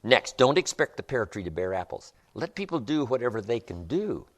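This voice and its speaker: A man's voice: mid-range voice, very animated, a little fast. A man giving a live motivational seminar, speaking emphatically with rhythmic repetitions and storytelling. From United States.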